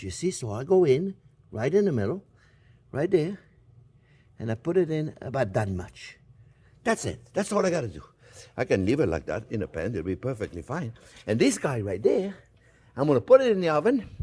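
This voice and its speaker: A man's voice: medium pitch, husky. A man hosting a cooking show, chatting through a cooking demonstration while he works and often calling the viewers friends. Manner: lively, talks while working with his hands.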